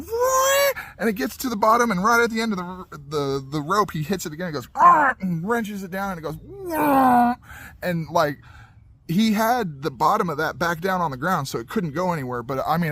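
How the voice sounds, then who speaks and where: A man telling a funny life story in a casual, animated way, acting out moments and sound effects as he goes. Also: fairly high pitch, no echo.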